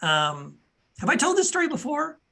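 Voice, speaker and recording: A man co-hosting a podcast who tells stories in a lively, animated way and repeats himself as he restarts his sentences. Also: very high-pitched, moderate pace, creaky. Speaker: podcast co-host. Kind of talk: casual conversation, telling anecdotes.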